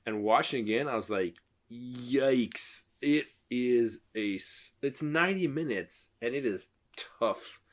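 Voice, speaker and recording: A man's voice: mid-range voice, lively intonation, moderate pace, hardly any pauses. A man in his thirties co-hosting a podcast, telling a casual story and acting out the quotes. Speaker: podcast co-host. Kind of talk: casual movie-review chat.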